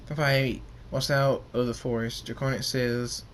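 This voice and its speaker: A man of middling pitch reads a homemade story aloud, stumbling and restarting over words. His voice is plain, with a faint hiss beneath it. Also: little pitch movement. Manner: halting, with restarts and slips. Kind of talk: reading homemade fan fiction aloud.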